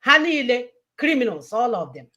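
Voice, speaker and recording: A woman's voice: fairly high pitch, big pitch swings, normal speed, sharp tone. Fiery woman preaching politics. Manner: preachy, emphatic, repetitive warnings. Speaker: online show co-host. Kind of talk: impassioned political talk.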